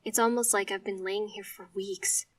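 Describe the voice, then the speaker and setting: A woman tells a story in the first person, leaning on words with expressive emphasis. Her pitch sits mid-range for a woman. The recording is dry, with the mic a little distant. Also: normal speed, dry recording.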